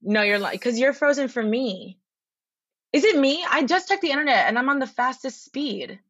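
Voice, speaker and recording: A woman as a podcast guest, telling a long story in a rambling, excitable way with lots of swearing and restarts, over a remote call. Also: high voice, moderate pace, slightly rough, dry recording, muffled recording. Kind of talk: casual storytelling chat.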